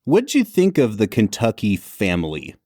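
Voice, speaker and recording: A young adult man co-hosting a podcast in casual chat, talking in quick asides and laughing often. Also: fairly low pitch, wildly swooping pitch, darkish tone, no echo, clean studio sound. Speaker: podcast co-host.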